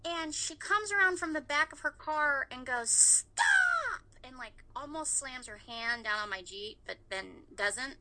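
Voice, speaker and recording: A woman in her thirties with a very bright, ringing voice and a fairly high pitch. She tells her story in a lively, animated way and swears without holding back. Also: moderate pace, hardly any pauses, rough recording. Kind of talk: casual chat.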